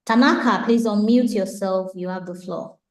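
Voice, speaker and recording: A woman's voice: mid-range voice, moderate pace. A woman hosting an online question-and-answer webinar, speaking in a mid-range voice. She politely moderates the call and directs callers one by one. The sound comes over a video call with a roomy echo. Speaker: webinar host.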